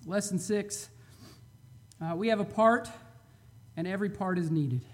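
High-pitched guy preaching a sermon, really fired up, goes loud then soft, chuckles here and there. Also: measured pace. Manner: fervent preaching, swings from loud to quiet. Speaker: pastor.

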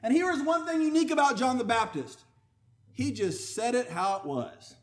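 High-voiced man preaching a sermon. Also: lively intonation, normal speed. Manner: emphatic, swinging from loud declarations to low quiet asides; conversational, personal storytelling.

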